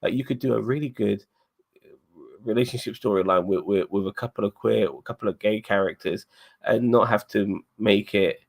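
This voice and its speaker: Low-voiced guy co-hosting a live show review, gets emotional, lots of restarts. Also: gravelly. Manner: emotional, halting with many restarts. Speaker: podcast co-host.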